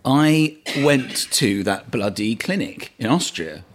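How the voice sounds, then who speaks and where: A man's voice: medium pitch, slow, slight background noise. A man, a guest telling funny stories in casual chat over a meal and laughing as he talks. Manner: lively storyteller, laughs through his stories.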